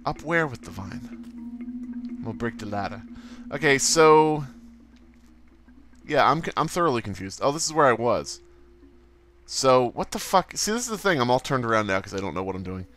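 A man's voice: mid-range voice, big pitch swings, normal speed, long pauses, fairly bright tone, faint music behind. A man casually commenting on his own gameplay, goofy and swearing, with silly sound effects. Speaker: let's play host.

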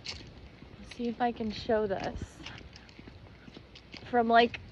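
A woman's voice: a little high, flat delivery, very slow, muffled recording, background noise. A woman chatting casually to her camera outdoors at a rural crossroads, gushing and bubbly. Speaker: vlogger. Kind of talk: casual vlog chat.

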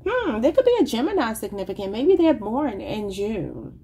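A woman's voice: fairly high pitch, huge pitch swings, moderate pace, warm tone, slight background noise. A woman giving a casual tarot reading, rambling and thinking aloud in an informal, chatty way. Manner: informal, says y'all. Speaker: tarot reader.

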